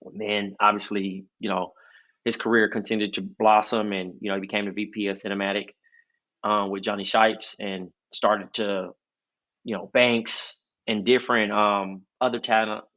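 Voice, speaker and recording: Podcast co-host, male, nasal and bright-toned, casual storyteller, dull recording. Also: fairly low pitch, little pitch movement, moderate pace. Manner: loose, rambling storytelling with many fillers.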